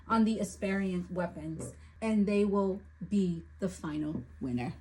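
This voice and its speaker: Recapping an audiobook she's been listening to, a woman walks through what happened and then launches into an exasperated rant about the lead character and the plot. Her faintly husky, mid-range voice keeps an unhurried pace as her frustration grows. She's a book reviewer, and the audio is rough.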